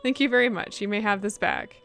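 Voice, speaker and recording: A woman's voice: medium pitch, fairly quick, vocal fry, fairly bright tone. A woman voicing a polite young female attendant who speaks in formal, precise wording. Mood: courteous.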